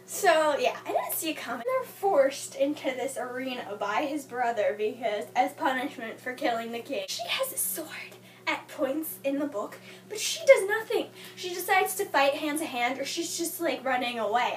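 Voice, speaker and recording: Young woman, high lively voice, excitable book vlogger, roomy echo, mic at a distance. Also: moderate pace. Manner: gushing, exasperated, talks back at the characters. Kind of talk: casual book review vlog. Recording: echoey room, mic at a distance.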